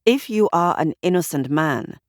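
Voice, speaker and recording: A woman voicing a calm, formal male detective with a precise, measured manner, in an audiobook mystery. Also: fairly high pitch, no room sound, clean studio sound, close to an everyday voice. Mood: cold.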